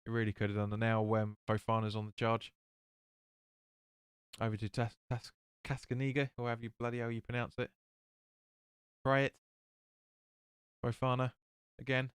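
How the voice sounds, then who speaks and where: A man's voice: medium pitch, monotone, normal speed, pauses often, clear, resonant tone, dry recording, studio quality. A man hosting a live football watch-along, calling the play and chatting with viewers as he reads their comments. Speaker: fan watch-along host.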